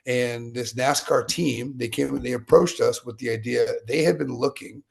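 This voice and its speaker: A man in his late thirties from Utah tells stories as a guest in a relaxed interview. His voice sits at an ordinary pitch with a gravelly edge. He wanders off on side tracks and comes back to them. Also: moderate pace. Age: late 30s. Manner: conversational, digressive storyteller. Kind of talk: casual storytelling interview.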